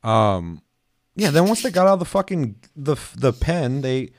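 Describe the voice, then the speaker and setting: A man co-hosting a podcast, chatting casually and telling animated, profane stories with acted-out quotes. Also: medium pitch, moderate pace, no echo, clean studio sound. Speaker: podcast co-host. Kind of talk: casual chat.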